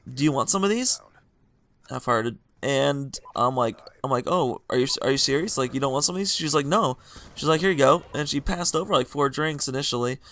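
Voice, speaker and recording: A young man casually telling rambling, animated dating stories while he plays a video game, often laughing through them. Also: medium pitch, no echo. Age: young adult. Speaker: gaming vlogger. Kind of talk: casual storytelling over gameplay.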